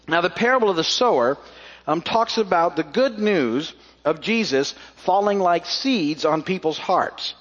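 A man's voice: sits high, expressive, measured pace, fairly bright tone. A man preaching a sermon as pastor, telling a story in a folksy way with many fillers and restarts before reading scripture. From South Florida. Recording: muffled recording with long hall reverb.

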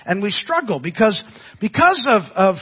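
Older man, pastor, sermon, folksy storytelling, high voice, muffled lo-fi sound. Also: very animated, normal speed, slightly rough. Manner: folksy storytelling, frequent restarts. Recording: dull lo-fi church audio.

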